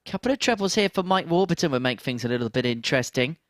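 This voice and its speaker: A male darts commentator with a fairly high voice, recorded close and dry with no room sound. He calls the scores and finishes in steady play-by-play, with dry asides between throws. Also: quick pace, dry recording. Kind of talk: live sports commentary.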